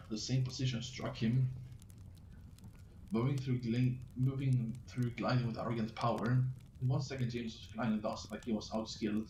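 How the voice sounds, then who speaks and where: Man haltingly reading his own story. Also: medium pitch, darkish tone. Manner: halting, stumbling reading with restarts. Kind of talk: reading a fantasy story aloud. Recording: roomy, distant mic with faint noise.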